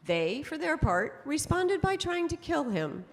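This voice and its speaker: Lively woman speaking in a reverberant hall. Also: high-pitched, unhurried. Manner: lively storytelling with frequent laughs. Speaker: speaker on temperament psychology. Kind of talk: conference talk to an audience. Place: conference hall.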